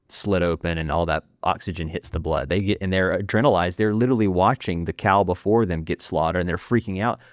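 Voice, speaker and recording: A man, a filmmaker guest on a podcast, talking intensely in rapid bursts with frequent restarts. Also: sits low, no echo, studio quality. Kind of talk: impassioned podcast interview.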